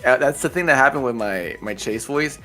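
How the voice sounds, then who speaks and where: A man's voice: mid-range voice, fairly quick, bright, forceful tone, faint music behind. A man chatting casually about role-play voices, laid-back and self-deprecating. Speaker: voice role-player. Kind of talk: casual group chat.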